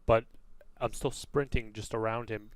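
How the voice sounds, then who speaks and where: A man's voice: fairly low pitch, steady tone, no room sound. A man co-hosting a podcast, joking playfully through an improvised fight role-play. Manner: playful, jokey, quick asides. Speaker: podcast co-host.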